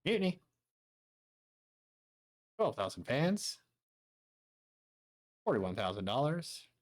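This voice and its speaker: A man giving quick, offhand commentary as he plays a wrestling management game. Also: mid-range voice, big pitch swings. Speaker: gaming streamer.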